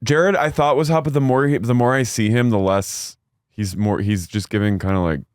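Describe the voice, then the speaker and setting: A man's voice: moderate pace, smooth, no echo, studio quality. A man co-hosting a podcast, chatting casually and animatedly as he recaps a reality TV episode. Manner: animated, acts out quotes in high voices. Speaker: podcast co-host.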